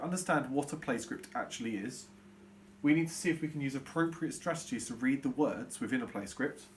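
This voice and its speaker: Lively British male teacher, patient. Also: mid-range voice, slight background noise. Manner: clear, patient teacher explaining step by step. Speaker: primary school teacher. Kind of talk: recorded online lesson for young children.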